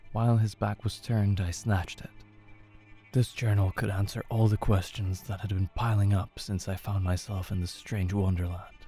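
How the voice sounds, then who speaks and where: A man narrating a horror story in a measured, low-key way. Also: dark tone.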